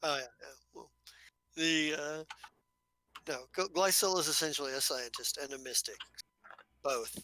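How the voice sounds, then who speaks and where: Running a tabletop session, this game master stumbles and restarts his narration often. His slightly high, bright voice comes through close in a dry, rough recording.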